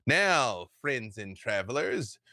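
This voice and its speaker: A man's voice: mid-range voice, big pitch swings, takes it slowly, bright, forceful tone, no room sound, clean studio sound, heavily acted. A man voicing a fanatical cult woman who proclaims to a crowd in grand, sweeping phrases. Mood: proclaiming.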